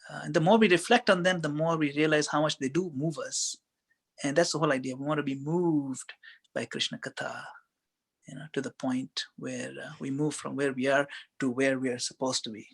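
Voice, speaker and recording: A man giving a conversational spiritual talk as a guest speaker, telling stories in a relaxed way with many fillers. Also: mid-range voice, fairly quick, creaky, breathy edge.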